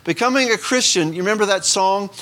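Folksy preacher, higher voice. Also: male voice, quick pace, bright, forceful tone. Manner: folksy and joking, asks the congregation questions. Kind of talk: sermon.

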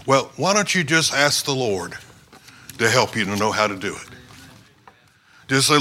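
Preacher, male, bright and forceful voice, sermon storytelling. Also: medium pitch, big pitch swings, moderate pace, pauses often. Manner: storytelling sermon, shouting quoted cries. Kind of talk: sermon illustration.

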